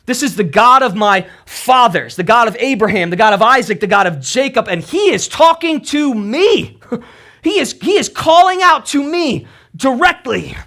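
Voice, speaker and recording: Moses, an anxious runaway, as a preacher voices him. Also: male voice, very high-pitched, lively intonation, normal speed, a bit bright, heavily acted. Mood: awed. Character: Moses, a fearful runaway wanting obscurity.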